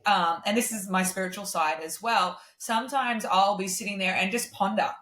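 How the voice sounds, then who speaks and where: A woman, a singer-songwriter and podcast guest, talking in a chatty, animated way with many fillers. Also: mid-range voice, normal speed. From Australia. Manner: chatty, animated, acts out quoted voices. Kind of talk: casual chat. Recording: roomy echo.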